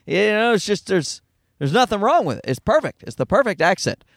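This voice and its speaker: A middle-aged man with a Newfoundland accent, a stand-up comedian talking fast and profanely in a rambling, self-deprecating monologue from his car. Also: high voice, big pitch swings, creaky, no echo, studio quality. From Newfoundland, Canada. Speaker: stand-up comedian, podcast host.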